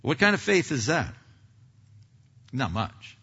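A man preaching, a pastor telling a story in a self-deprecating, animated way with many restarts, recorded in a church sanctuary. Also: medium pitch, slow, slightly rough. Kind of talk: sermon storytelling. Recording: dull hall reverb, lo-fi.

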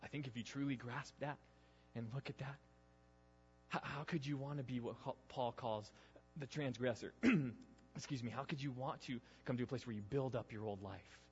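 A man preaching a sermon, earnest, swinging between loud emphasis and hushed intensity. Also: mid-range voice, normal speed, soft background music. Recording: dull sound with long reverb in a hall.

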